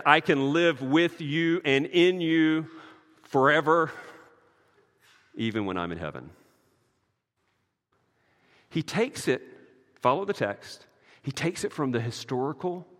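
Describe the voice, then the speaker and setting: A man preaching a sermon, emphatic and conversational, with casual asides and many "like"s, swinging from quiet to loud. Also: on the high side, lively intonation, a little slow, long pauses, in a large hall.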